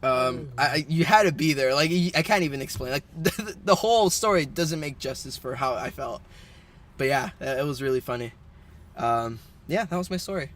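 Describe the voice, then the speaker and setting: A man's voice: medium pitch, animated, brisk, a bit bright. A young man co-hosting a podcast in casual chat, laughing often and swearing casually. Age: young adult. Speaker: podcast co-host.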